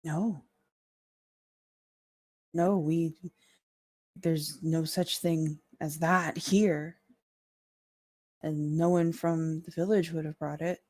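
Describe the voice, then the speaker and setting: A woman voicing a wary, superstitious male woodcutter who mutters gravely from behind his cabin door in a tabletop game. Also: low-pitched, steady tone, extremely slow, long pauses, darkish tone, heavily acted.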